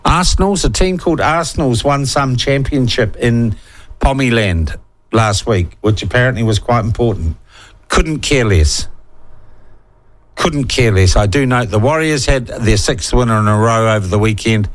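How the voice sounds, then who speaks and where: Blunt New Zealand talk radio host. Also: male voice, mid-range voice, lively intonation, normal speed. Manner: blunt, irreverent, reads listener texts aloud. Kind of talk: opinionated talkback radio chat.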